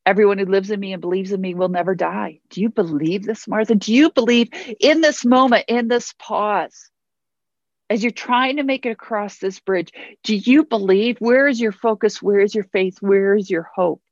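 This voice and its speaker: A woman's voice: mid-range voice, moderate pace, no room sound, dull audio. A woman pastor preaching a sermon in an earnest way, repeating phrases for emphasis.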